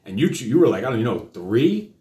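A man with a warm, mid-range voice, very animated and fast, hosts a live show while telling his children a story. The delivery is casual, rambling, profane, and thick with fillers, and a roomy echo surrounds it.

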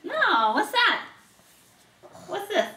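A woman reading picture books aloud to a toddler, asking patient questions in a slow, playful way. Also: extremely high pitch, sing-song, pushed and bright, a little hiss or hum. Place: home room. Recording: roomy home video from a distance.

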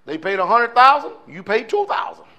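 A man's voice: very high-pitched, huge pitch swings, brisk, bright, forceful tone. A male pastor preaching a sermon in a fiery, conversational way, firing off rhetorical questions to his congregation.

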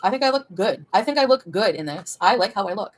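A woman's voice: medium pitch, animated, quick pace, no echo. A woman livestreamer answering her chat in a heated, profane, confrontational rant.

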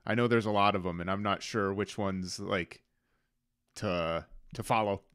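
Low-voiced podcast host asking questions. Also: male voice, steady tone, measured pace, a bit bright. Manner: brief, friendly questions. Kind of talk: podcast interview.

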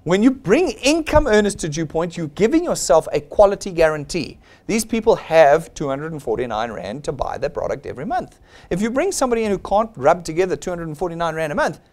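South African male presenter, blunt and persuasive, higher pitch with a lively swing. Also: fairly quick. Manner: blunt, persuasive, acts out quoted people. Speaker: seminar presenter. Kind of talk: motivational sales seminar talk.

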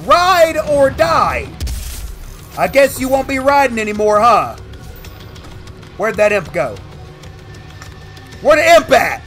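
Man, unhurried gaming commentary, trash-talks and whoops, faint music under. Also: high-pitched. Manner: excitable, trash-talking, whoops and laughs. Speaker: gaming video host. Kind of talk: let's play commentary.

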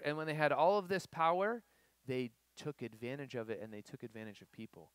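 A young man preaching a casual youth sermon, animated, with many fillers and acted-out quotes. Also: medium pitch, quick pace, clean tone, no room sound. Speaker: youth pastor. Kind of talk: sermon to students.

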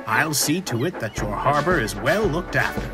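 A man's voice: medium pitch, expressive, moderate pace, music in the background, lightly acted. A man voicing a kindly, cheerful old male engine in a storybook reading, with a reassuring manner.

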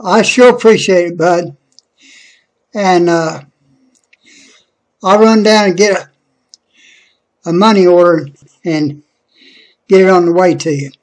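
A man talking casually into a webcam about a package, hesitant, with many pauses and restarts. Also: high voice. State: out of breath. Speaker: vlogger. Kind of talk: casual unboxing vlog.

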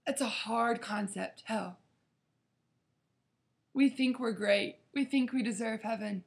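Woman, youth Bible study leader; earnest devotional talk, slightly high voice with a gravelly edge. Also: takes it slowly. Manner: earnest, preaching, acts out quotes dramatically.

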